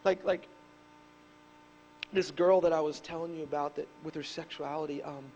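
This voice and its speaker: A man in his thirties preaching a sermon as pastor, telling stories animatedly and rising to shouts on key points. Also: on the high side, steady tone, normal speed, a little hiss or hum, low-quality recording. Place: church.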